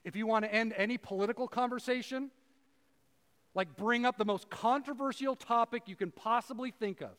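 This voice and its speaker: A man with a high voice gives a loose, conversational sermon and acts out the people he talks about. His voice rings with a long reverb from a large hall. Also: brisk. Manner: casual and animated, acts out voices, many fillers. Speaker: preacher and professor.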